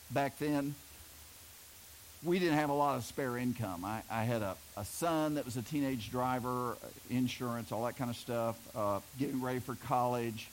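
A man's voice: medium pitch, rough recording. Middle-aged guy preaching, folksy jokey stories, bit of hiss behind him. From Oklahoma. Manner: folksy storytelling, jokes with the congregation. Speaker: pastor. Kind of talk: sermon.

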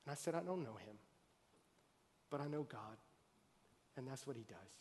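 A man preaching a sermon as pastor, telling a story with animated swings between loud excited bursts and quiet earnest talk. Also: mid-range voice, moderate pace, a little hiss or hum. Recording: long hall reverb.

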